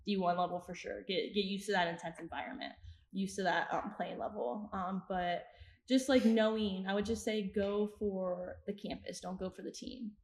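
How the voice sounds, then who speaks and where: A young woman in her twenties chats through her stories as a podcast guest. She acts out her own past lines and laughs often. Her voice sits at an ordinary pitch in an echoey room. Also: fairly even intonation, moderate pace, a little mellow. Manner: chatty, retells scenes with quoted asides and frequent laughs. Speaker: podcast guest, soccer coach. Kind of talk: casual interview storytelling. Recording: roomy echo.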